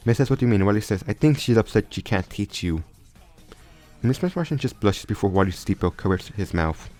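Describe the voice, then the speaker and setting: A man's voice: lowish voice, darkish tone. A man casually improvising a story aloud, often stumbling and restarting his sentences. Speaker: storyteller retelling a fan crossover story. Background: faint background music.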